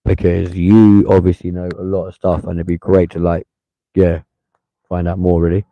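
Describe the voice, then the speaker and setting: A man's voice: low-pitched, flat delivery, moderate pace, no echo, lo-fi sound. A man hosting a live stream, giving blunt, profane, heated casual commentary.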